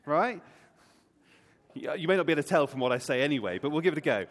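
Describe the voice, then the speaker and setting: Man, church talk, slightly high voice, long hall echo. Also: quick pace. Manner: lively and playful, quizzing the audience. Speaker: preacher. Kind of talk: Easter all-age talk to a congregation.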